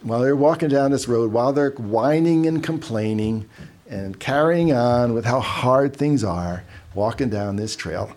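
A man's voice: mid-range voice, measured pace, darkish tone. A man giving a casual, conversational sermon, telling stories with asides and repeating words as he goes. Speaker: preacher.

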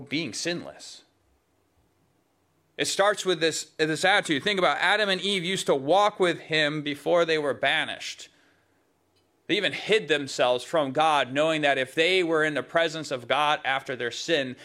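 A man preaching a sermon in a conversational, emphatic way, dropping suddenly to soft, low asides.

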